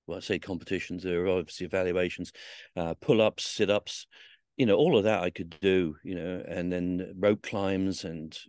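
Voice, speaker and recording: A man's voice: deep voice, fairly even intonation, normal speed, a little mellow, no echo, studio quality. A man, a podcast guest, recalls his past in a rambling, swearing storytelling style, full of fillers and restarts. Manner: swears freely, acts out quoted voices. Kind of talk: telling stories from his past in an interview.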